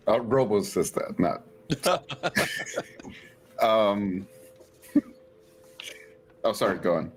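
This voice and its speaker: A man taking part in a tabletop game, casual and quick to giggle. His voice sits on the low side for a man. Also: lively intonation, slight background noise. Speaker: player.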